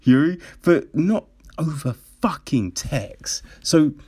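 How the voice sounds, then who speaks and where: Male commentator, slow and unhurried, with a swooping, animated pitch, blunt, exasperated and sweary. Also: husky. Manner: blunt, exasperated, swears, many "right?" fillers. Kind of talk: casual opinion commentary.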